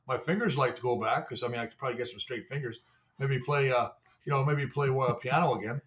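A man's voice: medium pitch, fairly even intonation, fast, fairly bright tone, highs cut off. An older man, a former player and show analyst, telling rambling, salty stories in casual sports talk. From Canada. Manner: rambling, salty storytelling with mimicry.

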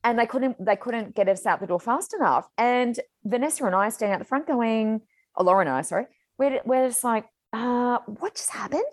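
A woman hosting a casual chat, energetic and chatty, often saying "like" and "oh my God.". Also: a little high, brisk, no room sound.

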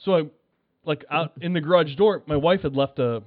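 A man's voice: a little high, moderate pace, dry recording. Chatty man telling a story over a tinny phone line. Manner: rambling, animated, acts out his own shouts while telling a story. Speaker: podcast guest. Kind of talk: casual storytelling chat.

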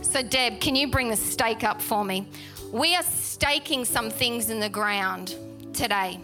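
A woman's voice: on the high side, a little slow, over music. A woman preaching a sermon to her church, chatty and emphatic, repeating key words. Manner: animated, chatty, with laughs and emphatic repetition. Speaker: pastor. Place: church hall.

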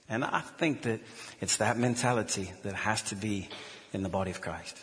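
A man's voice: fairly low pitch, moderate pace, a bit bright, in a large hall. A man preaching a sermon in church, telling a personal story earnestly, with frequent restarts. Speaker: pastor.

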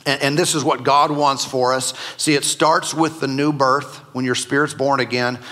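Bright-voiced joking male pastor, reverberant hall. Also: mid-range voice, fairly even intonation, normal speed. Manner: conversational and joking with the congregation. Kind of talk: sermon.

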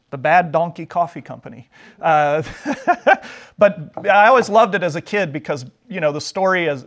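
Man, fairly high voice, Sunday school teacher, chatty and joking as he retells scripture. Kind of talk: Bible lesson storytelling.

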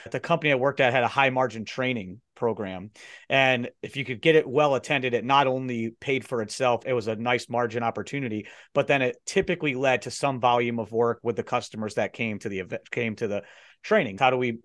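A man's voice: mid-range voice, a bit bright. A man hosting a podcast, chatting casually and telling his own work stories. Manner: quick and conversational, sharing his own stories. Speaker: podcast host. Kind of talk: casual conversation.

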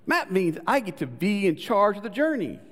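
Male pastor, sermon, high lively voice, storytelling delivery, long hall reverb. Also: normal speed. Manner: animated storytelling, acting out quoted voices, dropping to soft low tones for emphasis.

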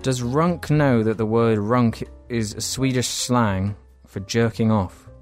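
A man's voice: medium pitch, slow, soft background music. A man hosting a podcast, reading out viewer questions and musing aloud with tag questions. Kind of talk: casual chat.

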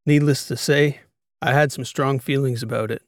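A man's voice: medium pitch, fairly even intonation, normal speed, no echo, studio quality. A man narrating a first-person sci-fi audiobook in a wry, conversational storytelling manner.

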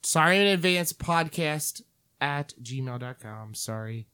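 A man's voice: a little high, expressive, takes it slowly, sharp tone, clean tone. A man co-hosting a casual podcast, laid-back and often trailing off as he talks. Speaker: podcast co-host. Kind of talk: casual chat.

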